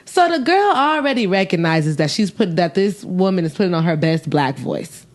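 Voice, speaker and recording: A woman's voice: on the low side, moderate pace. A woman in her twenties co-hosting a podcast, telling a story in a casual, profane way and acting out the people she quotes. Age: 20s. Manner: animated, profane, acts out quoted voices. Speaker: podcast co-host.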